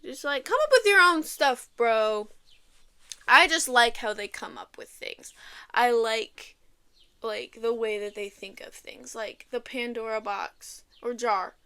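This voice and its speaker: A young woman chatting casually, animated and giggly, tripping over words as she reads facts aloud. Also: on the high side, slow, smooth, no echo. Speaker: vlogger.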